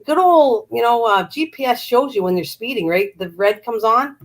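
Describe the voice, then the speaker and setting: A woman's voice: on the high side, moderate pace, rough recording. An older Canadian woman hosting a live chat, telling stories in a chatty way and laughing often. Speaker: livestream host chatting with viewers.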